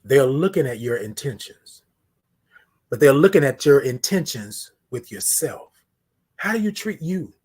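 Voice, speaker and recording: A man hosting a live-streamed morning show, talking in a preachy, affirming way, repeating his lines and swinging from loud to hushed. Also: medium pitch, big pitch swings, unhurried, husky. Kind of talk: motivational live-stream talk.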